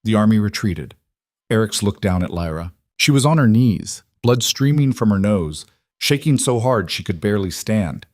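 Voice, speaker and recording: A man narrating a dark fantasy story in measured, clipped dramatic phrases. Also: fairly low pitch, expressive, no echo, clean studio sound. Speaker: audiobook narrator.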